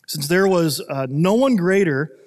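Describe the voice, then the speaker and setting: Male pastor, a bit high, earnest sermon delivery with restarts, long hall reverb. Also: expressive, a little slow. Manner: earnest, with frequent fillers and restarts.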